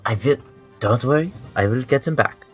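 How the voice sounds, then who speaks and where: A man chatting casually as a player in a tabletop game, halting and laughing often. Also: medium pitch, faint music behind.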